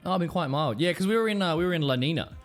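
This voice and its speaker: An Australian man chatting casually and profanely with his live stream audience, rambling into animated stories. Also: fairly high pitch, racing, faint music behind.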